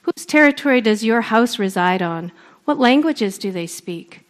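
A woman from Canada, a storyteller, giving an earnest public speech with deliberate emphasis. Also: fairly high pitch, expressive. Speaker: storyteller and speaker.

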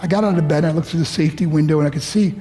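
Earnest man telling a personal story. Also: on the high side. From United States. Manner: earnest, pleading storytelling with vivid pauses. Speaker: motivational speaker. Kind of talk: emotional personal storytelling speech. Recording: faint music underneath. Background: soft background music.

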